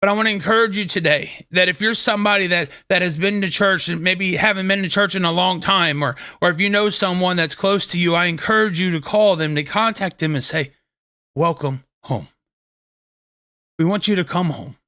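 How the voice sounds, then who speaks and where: A man with a bright, forceful tone and a slightly high voice talks earnestly about his faith and stumbles through restarts as he tells a story. The sound is close and dry. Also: fairly quick, hardly any pauses, clean tone, dry recording. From Kentucky. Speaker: host of a faith talk show. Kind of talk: casual inspirational talk.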